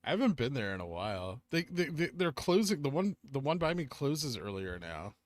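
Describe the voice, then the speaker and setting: A man's voice: mid-range voice, very animated, moderate pace. A man with a Southern Californian accent, casually reading chat messages aloud on a live stream and answering them, saying "like" a lot. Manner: reads chat comments aloud and answers them, chatty, says "like" often.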